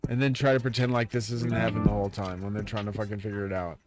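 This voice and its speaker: A man's voice: fairly low pitch, flat delivery, quick pace. A man live-streaming a profane, agitated, grandiose rant aimed straight at his viewers. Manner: profane, agitated and grandiose, talks to the audience directly. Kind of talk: ranting monologue to viewers. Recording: loud music playing behind the voice. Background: loud music.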